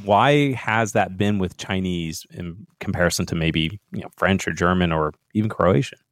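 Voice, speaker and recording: A man's voice: deep voice, moderate pace, no room sound, studio quality. A man hosting a casual podcast interview, friendly and enthusiastic, laughing along. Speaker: podcast host.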